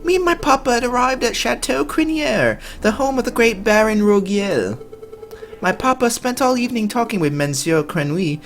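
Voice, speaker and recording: A man voicing a cheerful, naive young noblewoman in a game, in a high, bubbly, singsong voice. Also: expressive, moderate pace, a bit bright, faint music behind, exaggerated voice. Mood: chirpy.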